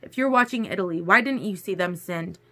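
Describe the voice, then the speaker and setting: Woman reading as a tense, clipped young vampire man, bright tone. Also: fairly quick. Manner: low, hard and clipped.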